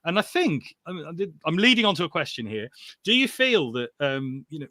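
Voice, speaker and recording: Bright, lively-voiced male podcast host. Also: fairly high pitch, dry recording. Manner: enthusiastic, earnest, openly emotional. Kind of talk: casual interview chat.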